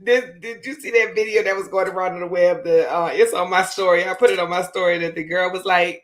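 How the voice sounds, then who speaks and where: She's a show host from Louisiana with a New Orleans accent, cooking and making casual conversation directly with viewers. Her lowish, slightly bright voice moves at a moderate pace with hardly any pauses.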